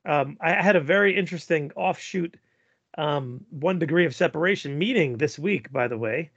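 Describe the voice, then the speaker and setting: Brief: male co-host, gravelly, slightly dull lo-fi recording. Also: fairly high pitch, expressive, normal speed, fairly bright tone, dry recording. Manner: crude jokes, rambling with fillers. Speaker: pediatric emergency physician and podcast co-host. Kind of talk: casual banter.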